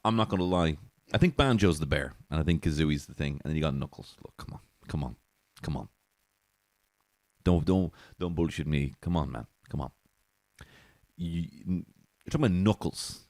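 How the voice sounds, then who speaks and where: Deep-voiced man, profane comic rambling. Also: moderate pace, long pauses, darkish tone, no echo. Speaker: comedy podcast host. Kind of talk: casual comedic monologue.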